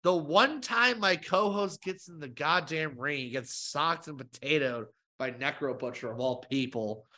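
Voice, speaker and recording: A man co-hosting a podcast, telling stories in an excitable, animated way. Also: on the high side, measured pace, few pauses. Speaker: podcast co-host. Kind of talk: casual chat.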